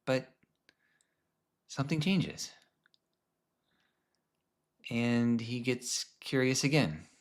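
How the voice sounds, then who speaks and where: A man presenting a lesson on film characters, telling a story in a conversational way with frequent restarts and some soft, hushed stretches. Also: mid-range voice, lively intonation, drawn-out words, pauses often. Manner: conversational, many restarts, drops to a hush at times.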